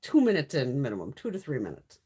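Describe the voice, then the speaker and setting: Husky, lively middle-aged woman chatting. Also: extremely low pitch, fast. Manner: chatty and blunt, swears freely, laughs often. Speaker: beauty YouTuber hosting a live stream. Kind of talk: casual live-stream chat.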